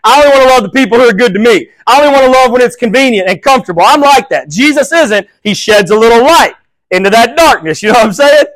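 A man preaching as a pastor, passionate, swinging between loud emphasis and hushed, quiet quoting. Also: extremely high pitch, animated, quick pace, dry recording, low-quality recording. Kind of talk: sermon.

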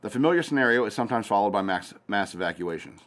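A man's voice: lowish voice, lively intonation, fast talker, fairly bright tone. A man hosting a casual news commentary show, reading headlines aloud with hesitant fillers and breaking off into sarcastic asides. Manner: hesitant, many fillers and restarts while reading.

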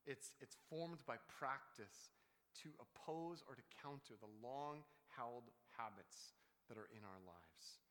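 A man's voice: mid-range voice, animated, takes it slowly, a bit bright. A man preaching a sermon as pastor, earnest and repeating words when emphatic. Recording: long hall reverb.

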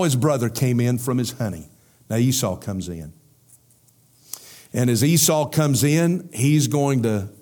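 A man's voice: mid-range voice, darkish tone. A man preaching an expository sermon, explaining scripture verse by verse and often restarting his phrases.

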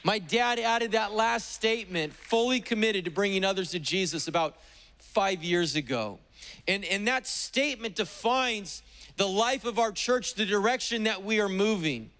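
A man's voice: high-pitched, lively intonation, normal speed, sharp tone. A man pastor delivering a sermon at a church service, emphatic and declarative, with repeated exhortations. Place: church sanctuary during a service.

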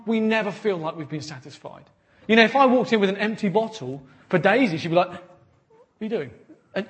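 A man preaching a sermon, earnest and animated, often repeating words as he builds to a point. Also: sits high. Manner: animated storytelling with acted quotes. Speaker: pastor.

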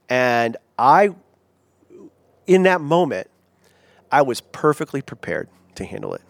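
A male pastor delivers a sermon in an animated, storytelling manner, slipping into quoted voices and asides. His voice sits at an everyday middle pitch. The sound is dry and close, with little room around it. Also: dry recording.

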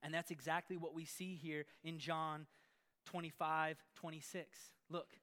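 A man preaching a sermon in an energetic, playful way, with sarcastic asides. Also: on the high side, unhurried.

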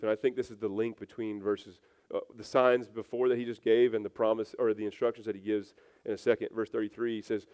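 A man's voice: medium pitch, darkish tone. A male pastor giving a sermon, shifting from casual, filler-heavy storytelling to earnest teaching with big swings in energy.

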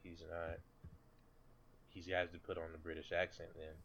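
Male podcast co-host, lowish and bright, loose and profane, on a dull lo-fi mic. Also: completely flat delivery, moderate pace, a little hiss or hum. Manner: loose, swearing, self-correcting. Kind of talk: casual chat.

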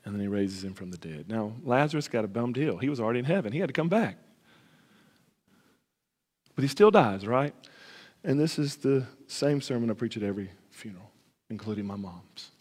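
A man with a husky, slightly breathy voice preaches a sermon as pastor. His delivery is animated, and he acts out the lines of the story. A long reverb from the hall trails after each phrase. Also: medium pitch, a little fast, long pauses. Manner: animated, acts out dialogue, stammers when excited. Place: church sanctuary.

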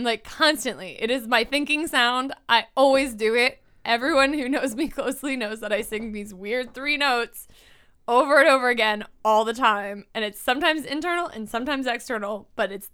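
A woman's voice: a little high, normal speed, fairly bright tone, clear, resonant tone. A woman in her late twenties co-hosting a podcast, chatting playfully in a mock-grand, self-amused way, close to her microphone. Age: late 20s. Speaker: podcast co-host. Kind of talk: casual chat.

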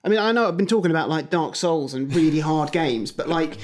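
A man with a somewhat high voice co-hosts a casual podcast. He tells animated anecdotes and briefly acts out the people he quotes. His delivery is conversational and expressive. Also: a little fast. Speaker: podcast co-host. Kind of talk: casual chat. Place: at a table with his co-host.

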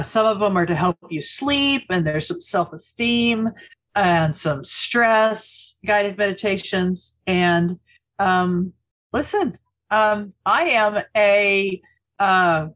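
A woman's voice: mid-range voice, fairly bright tone. A woman co-hosting a podcast, chatting casually and wryly, with many fillers. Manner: wry, self-deprecating, many fillers. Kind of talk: casual chat, recommendation.

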